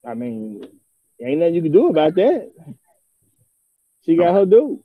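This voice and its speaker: A man's voice: a little high, huge pitch swings, unhurried, no echo, phone-quality sound. A man stubbornly arguing his point in a casual podcast debate. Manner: firm, stubborn, repeats his verdict.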